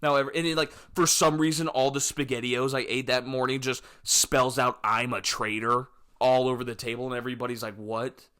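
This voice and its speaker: A young man hosting a solo podcast, rambling through comic stories and acting out scenes in yelpy high voices, self-mocking and loose. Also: level tone, fairly quick, few pauses, sharp tone, clear, resonant tone. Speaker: podcast host. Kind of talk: solo comedic podcast monologue.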